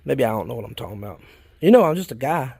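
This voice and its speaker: A man's voice: medium pitch, racing, gravelly, husky, no room sound. A man, chatting casually and folksily as he films his worm bins. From South Carolina, United States. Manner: rambling, folksy, easily excited. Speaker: worm farming vlogger. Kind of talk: casual chat while filming.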